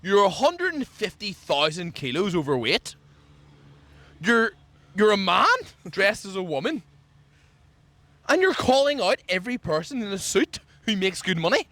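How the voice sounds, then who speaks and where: A man talking casually outdoors as a podcast co-host, ranting in a jokey way. His voice sits fairly high and swoops about a lot. The sound is dry and close, with little room echo. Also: moderate pace. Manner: animated, jokey rant with sudden pitch jumps. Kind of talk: casual chat. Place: outdoors, people walking past.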